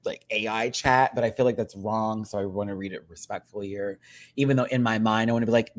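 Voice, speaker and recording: A man's voice: on the low side, fast, no echo. Chatty man in his thirties ranting. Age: 30s. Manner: chatty and expressive, with frequent laughs and asides to the audience. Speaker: livestream host. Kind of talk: casual livestream rant.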